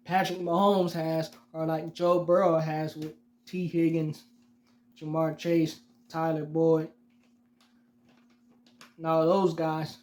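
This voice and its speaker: A man's voice: a little high, a little mellow. A man hosting his own sports podcast, ranting heatedly and mockingly at rival fans and repeating himself for emphasis. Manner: heated, repetitive, addresses fans directly; mocking and teasing. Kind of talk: solo sports rant.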